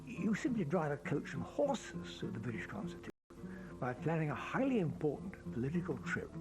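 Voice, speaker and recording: A man telling a historical anecdote in a documentary interview, animated and expressive. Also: a little high, fairly quick, rough recording. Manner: animated storyteller. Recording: interview with music laid over it.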